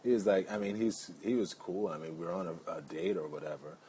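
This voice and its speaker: A man's voice: sits low, fairly quick, dark tone. A man vlogging in a casual, rambling way, full of playful asides. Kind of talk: casual chat.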